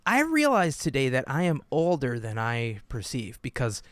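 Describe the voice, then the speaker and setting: A man co-hosting a podcast, telling stories in an animated, joking way and laughing often. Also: mid-range voice, moderate pace, no room sound. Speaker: podcast co-host. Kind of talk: casual podcast chat.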